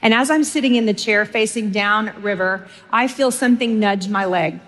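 A woman's voice: mid-range voice, normal speed, fairly bright tone. Woman preacher, storytelling sermon. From Texas. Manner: humorous storytelling, speaks directly to the audience.

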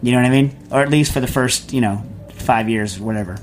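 A man's voice: mid-range voice, quick pace, faint music behind. A man hosting a cooking radio show, talking casually and rambling through technical explanations with many restarts. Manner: rambling, self-correcting, digressive. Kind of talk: casual unscripted radio talk.

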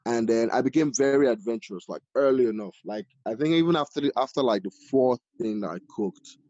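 A man from Nigeria, a chef, telling his story casually in an interview, animated and full of fillers. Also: medium pitch, fairly quick, no echo. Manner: animated, many fillers like "like" and "you know". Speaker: chef, podcast guest. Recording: dull lo-fi audio.

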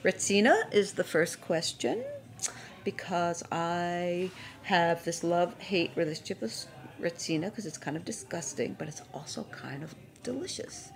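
A woman's voice: on the low side, lively intonation, a little slow. A woman, a guest on a podcast, talking in an enthusiastic, rambling and playful way. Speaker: guest, cake designer. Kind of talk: casual interview chat.

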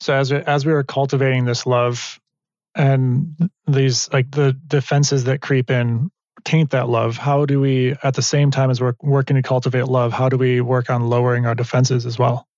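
A man interviewing in a reflective conversation, soft and affirming, asking probing follow-ups. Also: mid-range voice, flat delivery, moderate pace, no echo, dull audio.

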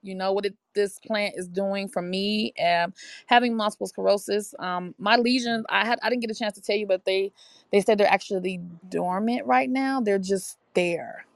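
A woman's voice: mid-range voice, moderate pace, creaky, no echo. A woman guest talking enthusiastically in a casual interview, full of fillers and restarts. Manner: enthusiastic, chatty, many fillers. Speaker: interview guest, brand ambassador. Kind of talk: casual testimonial chat.

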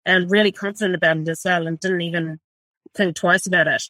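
A woman's voice: on the low side, fairly even intonation, brisk, bright, forceful tone, no echo. A woman in her forties from New Zealand, with a New Zealand accent, telling her story as a chef in a blunt, swear-filled, casual way, full of "like". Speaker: chef and restaurant owner.

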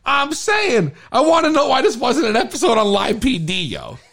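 A man's voice: very high voice, normal speed, vocal fry. A tipsy man hosting a podcast, telling stories in casual banter with lots of swearing and stumbling over his words. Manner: profane, animated storytelling. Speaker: podcast host. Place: podcast studio.

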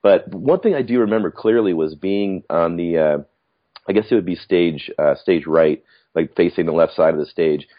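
Brief: middle-aged male podcast guest, deep voice, reflective storyteller, muffled recording. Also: moderate pace. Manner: rambling, reflective, with frequent restarts. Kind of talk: casual storytelling chat.

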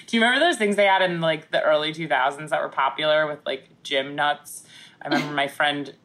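A female podcast co-host chats loosely and casually, joking constantly, laughing often and slipping into a mock newscaster reading. Her voice is slightly low but bright and forceful, at normal speed.

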